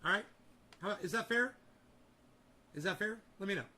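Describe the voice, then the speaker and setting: A man's voice: sits high, moderate pace, bright, forceful tone. A man hosting a livestream who rants heatedly at his chat, swearing freely and talking straight back to commenters. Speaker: streamer host.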